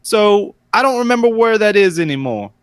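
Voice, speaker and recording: A man's voice: high voice, big pitch swings, normal speed, smooth, dry recording, studio quality. A man co-hosting a podcast in casual chat, goofy and joking, fond of putting on accents. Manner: goofy, jokey, puts on accents. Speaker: podcast co-host.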